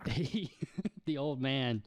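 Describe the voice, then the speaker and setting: A man's voice: mid-range voice, very slow, dry recording. A man running a tabletop game as game master, narrating with playful amusement.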